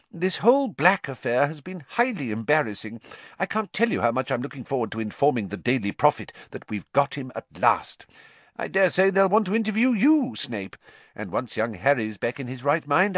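A man's voice: medium pitch, fairly bright tone, no room sound, pitched above the performer's own voice. Fudge, a man doing a pompous official. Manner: pompous, gushing. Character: pompous self-satisfied middle-aged male official.

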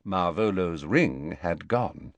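A man voicing a calm, wise old headmaster who explains in measured tones. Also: low-pitched, no echo, voice pushed down, full character voice.

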